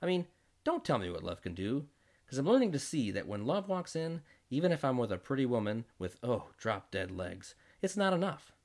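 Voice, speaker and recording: A man telling a comic first-person story, jokey and fast-shifting between voices. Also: medium pitch, sing-song, a little mellow. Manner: jokey storytelling with quick voice switches.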